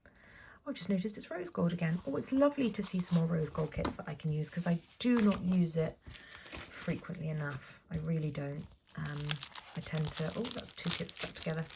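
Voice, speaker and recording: A young Englishwoman chatting through a planner sticker haul, gushing and saying um a lot, often dropping to a soft whisper. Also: on the low side, normal speed, creaky, background noise. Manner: chatty, gushing, frequent ums and apologies. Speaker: planner vlogger. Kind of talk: casual sticker haul voice-over.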